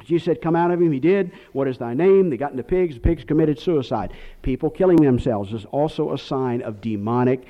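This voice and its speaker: A man's voice: mid-range voice, brisk. A man preaching a sermon, rambling off on tangents and then hammering his points hard. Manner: rambling, digressive preaching with sudden emphatic outbursts. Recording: dull lo-fi recording.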